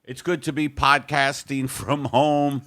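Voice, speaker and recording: A man's voice: mid-range voice, level tone, measured pace, fairly bright tone, no room sound. Ranting Brooklyn man hosting a podcast. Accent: Brooklyn, New York. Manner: exaggerated, ranting, mock-grandiose. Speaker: podcast host. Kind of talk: comedic podcast riffing. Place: his home.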